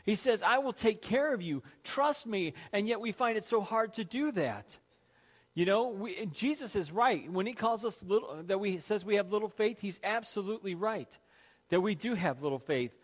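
A man's voice: high voice, animated, moderate pace, highs cut off. A man preaching a sermon as pastor to his congregation, conversational and joking with them. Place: church sanctuary.

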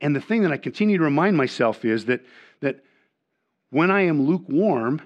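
An older man delivers a sermon as pastor, his pitch sitting in an ordinary middle range. He repeats and restarts words, alternating emphatic punches with quiet asides. The recording is dull and lo-fi, as if captured in a church sanctuary. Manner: earnest preaching with frequent repeated words and restarts; swings between loud emphatic lines and quiet asides.

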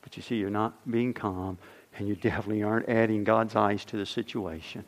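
A middle-aged man preaching a sermon as pastor, swinging from loud emphasis to near-whispers. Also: on the low side, steady tone, fairly quick.

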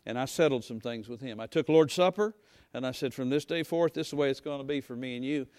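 A middle-aged male pastor preaching a sermon in a folksy, conversational way, talking straight to his congregation and sometimes rising to a shout. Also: medium pitch, fast talker, dry recording, clean studio sound.

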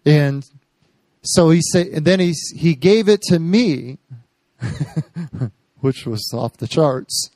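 A man preaching, telling a personal story and acting out what others said in lively bursts. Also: on the high side, slow pace, pauses often, dry recording. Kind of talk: sermon testimony.

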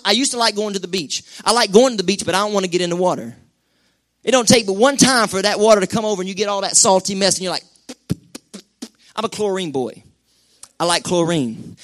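A man's voice: high voice, fairly bright tone. A male pastor preaching a sermon to his church in a folksy, conversational way with colloquial asides.

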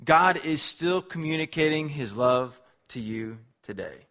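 A man's voice: medium pitch, moderate pace, hardly any pauses, sharp tone. A man preaching a sermon as a pastor, earnest and emphatic, building on repeated phrases.

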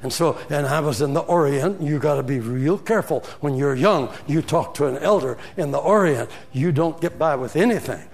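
An older man preaching a sermon, telling a story with animated swings from loud to hushed. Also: fairly high pitch, moderate pace, gravelly, few pauses.

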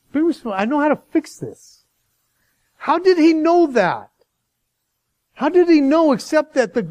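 Lively, high-voiced male preacher. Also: dry recording, rough recording. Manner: animated, chatty, acting out voices with laughs. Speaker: pastor. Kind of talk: sermon.

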